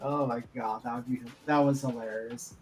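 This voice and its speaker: Casual panel chat, blunt, profane, opinionated, laughs a lot, mid-pitched voice. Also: fairly even intonation, normal speed, a little hiss or hum.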